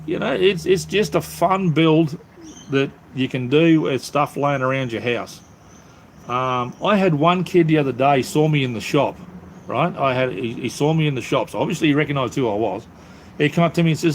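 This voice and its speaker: A man's voice: fairly high pitch, normal speed, a little hiss or hum. A middle-aged Australian man chatting casually on a live stream from his phone, rambling and poking fun at himself. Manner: rambling, self-mocking, easygoing.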